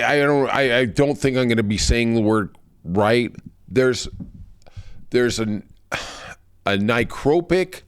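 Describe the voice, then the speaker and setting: A man on a podcast, ranting in heated, profane commentary. His low voice swings widely in pitch as he gets worked up. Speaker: podcast host. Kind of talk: political commentary monologue.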